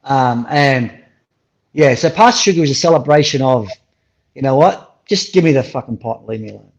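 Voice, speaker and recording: Middle-aged man, lively storyteller with salty language, muffled remote-call audio. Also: medium pitch, moderate pace. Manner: animated storyteller, swears freely. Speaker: guest. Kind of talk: casual interview over a call.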